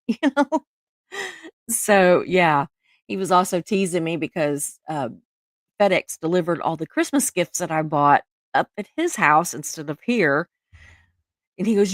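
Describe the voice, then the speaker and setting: A middle-aged woman hosts a casual livestream, reading viewer comments in a chatty, emotional way and laughing frequently. Her voice is mid-range, and the audio is clean studio sound with no room sound.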